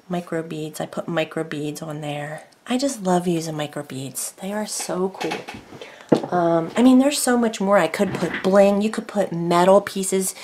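A woman casually showing and explaining her papercraft project, rambling with many fillers and self-corrections. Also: fairly low pitch. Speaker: craft vlogger. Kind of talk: casual craft show-and-tell.

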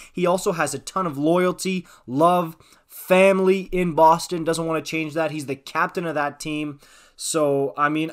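Male commentator, casual sports-news vlogger, lively pitch, addresses viewers directly. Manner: animated, chatty, talks straight to viewers.

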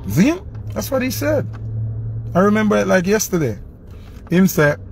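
A man with a Jamaican accent, a dancehall selector telling a personal story in an animated, rambling way. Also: high voice, a little slow, vocal fry, pauses often, slight background noise. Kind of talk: casual storytelling to camera.

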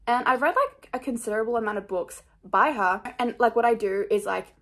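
A woman's voice: fairly high pitch, brisk, a bit bright, slight background noise. A young woman chatting casually about her book picks in a rambling, scattered, self-mocking way, full of fillers. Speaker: book vlogger. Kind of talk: casual chat.

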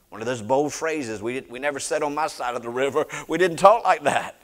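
A middle-aged man, preaching a sermon as he tells a personal story, swinging from loud declarations to hushed retellings. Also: medium pitch, brisk, few pauses. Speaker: pastor.

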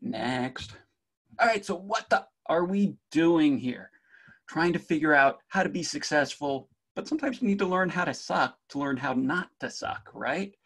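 A man's voice: on the high side, lively intonation, moderate pace, a bit bright, breathy edge. A middle-aged man from New Jersey with a faint Jersey accent, giving a jokey conference talk on cybersecurity and speaking straight to the audience.

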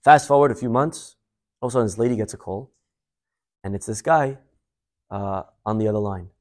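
A male rabbi giving a sermon, telling a story in an animated, conversational way. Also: on the low side, a little fast.

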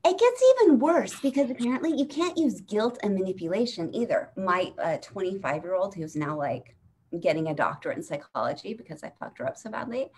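A woman's voice: medium pitch, animated, fairly quick, darkish tone. A woman in her forties doing a chatty, rambling storytelling set over a video call, acting out the people in her story. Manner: rambling, chatty, acts out voices in her stories. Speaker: stand-up comic. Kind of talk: storytelling stand-up set on a live stream.

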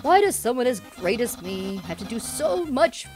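A woman voicing a loud, grandiose, eager male skeleton from a video game, reading his lines aloud. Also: fairly high pitch, big pitch swings, normal speed, soft background music, pitched above the performer's own voice. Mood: boastful.

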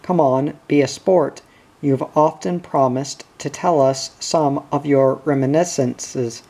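A man's voice: a little high, slow, mellow. A man voicing a genial, good-humoured prospector who coaxes his mates. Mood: coaxing.

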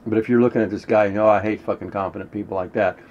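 A man talking casually and rambling as he teaches a spiritual technique, clearing his throat often and swearing now and then. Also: lowish voice, fairly even intonation, very fast, a little mellow. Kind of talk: casual instructional monologue. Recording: dull lo-fi recording with faint noise.

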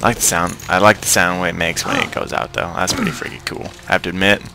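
Young male gamer, low-voiced and lively, joking let's-play commentary with game music underneath. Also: fast talker, creaky. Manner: joking, excitable, talks to enemies on screen. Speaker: gameplay commentator. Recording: game music playing behind.

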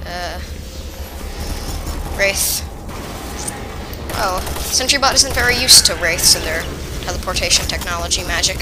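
A woman giving chatty, excitable, rambling commentary while playing a video game. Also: on the low side, a little slow, long pauses, background noise. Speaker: let's play gamer. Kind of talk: casual gameplay commentary.

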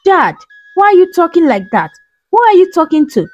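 A woman's voice: very high voice, very animated, normal speed, pitched above the performer's own voice. A woman voicing a puzzled young daughter who questions her father, in a storybook tale. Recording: soft music behind.

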